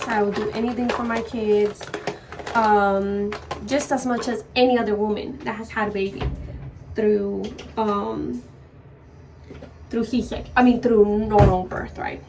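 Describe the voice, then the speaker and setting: A young woman telling her birth story in a casual, emotional vlog while doing her makeup, swearing now and then. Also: mid-range voice. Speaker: vlogger. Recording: voice a bit far from the mic, faint noise.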